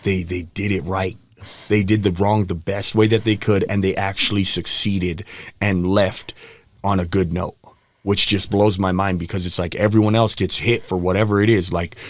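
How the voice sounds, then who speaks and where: A man's voice: low voice, flat delivery, moderate pace, dry recording. A man, a podcast guest, telling his personal story in a frank, rambling way with frequent restarts.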